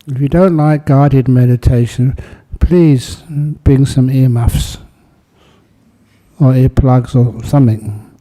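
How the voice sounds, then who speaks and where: A man, a Buddhist monk, speaking calmly and gently to a meditation group, then guiding a meditation. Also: medium pitch. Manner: calm, unhurried, gently spoken. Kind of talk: talk and guided meditation. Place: meditation hall with an audience.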